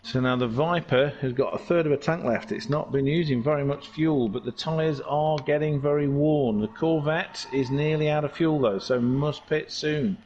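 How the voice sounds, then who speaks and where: A man giving casual, jokey commentary on an online car race, chatty and excitable. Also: fairly high pitch, normal speed, hardly any pauses, muffled recording, slight background noise. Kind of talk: casual sim racing commentary.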